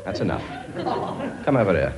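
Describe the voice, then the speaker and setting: Here the comic actor's king comes through in a low-sitting, very animated voice, brisk and bossy as he orders his many children about and cracks jokes. It's a studio comedy sketch, with a crowd audible behind him.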